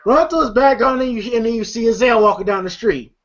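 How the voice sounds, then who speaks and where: A film reviewer giving a casual, animated recap of a movie scene, chuckling and using lots of filler phrases. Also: mid-range voice, fast talker. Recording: dull lo-fi audio.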